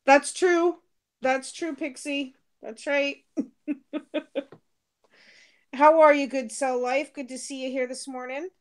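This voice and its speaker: Chatty middle-aged woman, high voice. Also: steady tone, slow pace, pauses often. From Britain. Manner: chatty, laughs often, answers comments aloud. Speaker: co-host reading viewer comments. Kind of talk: casual live-stream chat.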